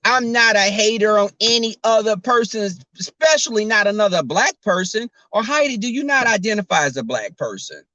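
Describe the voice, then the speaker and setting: A man with a fairly high voice talks straight to his viewers from his car, sassy and chatty. His sound is close and dry, with no room around it. He reads his live chat aloud between remarks. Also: animated, a little fast, hardly any pauses, sharp tone, no room sound. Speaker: YouTuber. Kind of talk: casual livestream chat. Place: in a car while driving.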